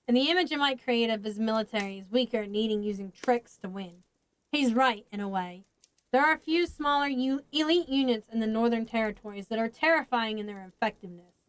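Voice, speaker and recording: A woman's voice: on the high side, no room sound, natural voice, rough recording. A woman voicing a blunt weary man. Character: weary grown man, blunt loyal friend.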